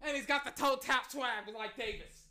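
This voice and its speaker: An excitable fan commentator calling live football play-by-play, bursting out loudly on big plays and talking straight to listeners. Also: sits high. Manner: excitable, loud bursts, rapid asides to listeners.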